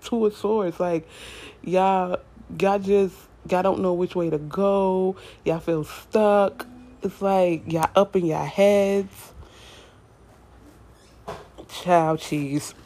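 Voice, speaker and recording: A woman's voice: lowish voice, mellow. A young adult woman giving a casual tarot reading to her viewers, chatty and repetitive, talking straight to them as y'all. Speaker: tarot reader.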